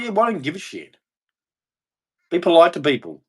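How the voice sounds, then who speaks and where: Man, angry solo rant, profane, preachy, volume swings between shouting and muttering. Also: fairly high pitch, huge pitch swings, fairly quick, slightly rough. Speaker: vlogger.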